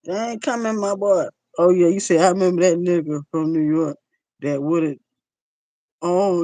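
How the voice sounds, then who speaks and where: A woman's voice: on the low side, a little mellow, dry recording, low-quality recording. A woman livestreaming in a loose, chatty way, answering her viewers' comments and talking straight to them. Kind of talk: casual live chat, answering viewers' comments.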